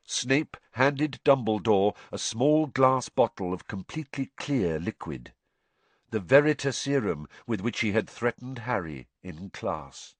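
Slow, low-voiced male storyteller. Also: lively intonation, husky, no echo. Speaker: audiobook narrator. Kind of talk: scripted narration.

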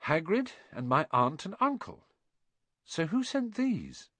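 A polite, shy eleven-year-old boy, voiced by a man reading aloud. He speaks softly and earnestly, with a lively rise and fall. The sound is close and dry. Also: a little high, slow, dry recording, voice pushed up, exaggerated voice.

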